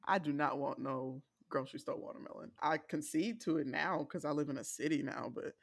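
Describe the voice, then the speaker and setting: A woman from the American South co-hosting a podcast in casual chat, telling animated stories and laughing often. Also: low voice, fairly quick, vocal fry, no echo, clean studio sound. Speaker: podcast co-host.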